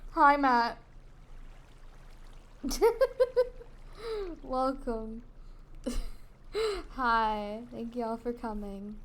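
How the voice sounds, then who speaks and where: A woman's voice: fairly high pitch, level tone, very slow, pauses often, fairly bright tone. A woman streaming a video game, chatting casually with her viewers in a giggly, rambling way. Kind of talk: casual gaming livestream chat.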